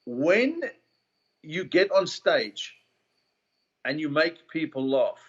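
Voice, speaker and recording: Give me a middle-aged South African comedian, chatty and slangy, slightly high-voiced, over a muffled call. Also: male voice, animated, takes it slowly, fairly bright tone. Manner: chatty storyteller, slangy and joking. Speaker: comedian guest. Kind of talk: casual chat.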